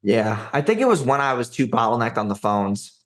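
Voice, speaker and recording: A man's voice: mid-range voice, very animated, a little fast. A young man in his twenties chats as a podcast guest, brash and loose, swearing freely and dropping "dude" between stories. His voice sits in an ordinary middle range. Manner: brash, profane, says "dude" and "like" often. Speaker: podcast guest, agency founder. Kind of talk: casual storytelling interview.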